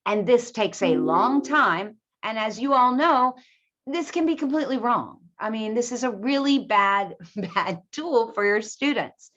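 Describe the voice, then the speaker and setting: Woman teacher presenting to teachers, emphatic and lively, fairly high voice, dull lo-fi sound. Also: measured pace. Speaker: ESL teacher.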